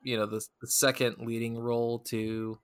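A man co-hosting a casual movie review podcast, talking in a relaxed, halting way with many fillers. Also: medium pitch, smooth, dry recording, clean studio sound. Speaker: podcast co-host.

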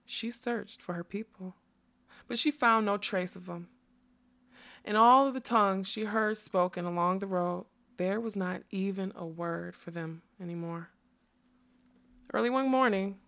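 Woman narrator, audiobook, soft and measured, middling pitch.

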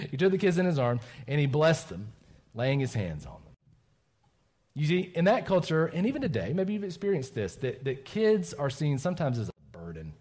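Delivering a children's sermon at church, this pastor has a fairly high voice and a moderate pace. He keeps it animated by quizzing the kids and checking in with "right?" after his points.

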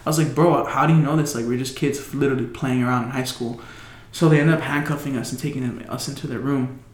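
A man's voice: mid-range voice, steady tone, fast talker. A young man telling a story in casual chat, loose and full of slang, swearing and fillers. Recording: echoey room.

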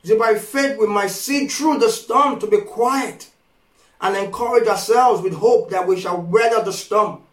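A man preaching a sermon, slow and emphatic, repeating phrases and rising to impassioned pleas. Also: high-pitched, fairly bright tone. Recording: echoey room from far off.

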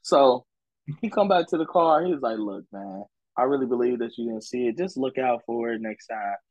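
A young adult man co-hosting a podcast, telling a story in casual, profane chat and acting out quotes in a higher voice. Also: normal speed, darkish tone, no echo, highs cut off. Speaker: podcast co-host.

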